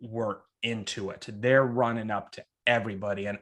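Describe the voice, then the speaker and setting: A man with a theater background, chatting on a podcast and telling a story in a lively way, full of restarts and acted-out quotes. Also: medium pitch, normal speed, few pauses. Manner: animated storyteller who acts out quotes with many restarts; theater-trained. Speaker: podcast co-host reporting on a trip. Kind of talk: casual chat.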